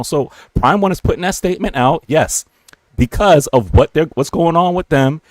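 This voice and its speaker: A man, co-hosting a live chat stream, talking in an animated, slangy, emphatic way. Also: high-pitched, fairly quick, dry recording. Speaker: livestream co-host. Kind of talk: casual chat.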